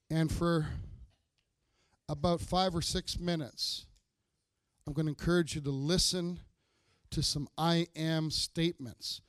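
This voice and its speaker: Bright high-voiced man preaching. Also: smooth, dry recording, studio quality. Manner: reads scripture aloud with rising emphatic bursts. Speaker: pastor. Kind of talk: sermon.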